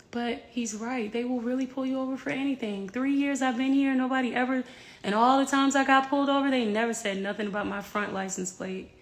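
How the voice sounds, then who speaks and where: Talking quickly in a fairly high voice, this woman in her thirties rambles candidly to camera and swears without restraint. She's a singer recording herself at her home, which has a yard.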